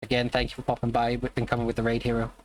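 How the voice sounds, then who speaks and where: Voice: medium pitch, monotone, very fast. A live streamer in casual chat, rambling and greeting viewers by name.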